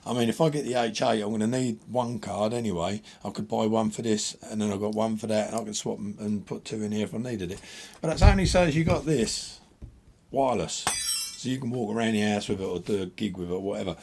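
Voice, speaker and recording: Husky guy hosting a gear demo, blunt and chatty. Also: lowish voice, quick pace. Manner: blunt, animated, chatty explaining. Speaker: host. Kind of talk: casual gear demo chat.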